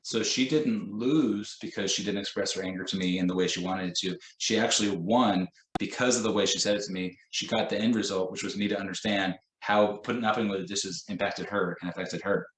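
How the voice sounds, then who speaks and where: A man leads a training session for teachers, speaking in a relaxed, conversational way. He keeps turning to everyday examples and acts out short quoted lines. His voice sits a little low, and the room adds a clear echo. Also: a little fast. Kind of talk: professional development lesson.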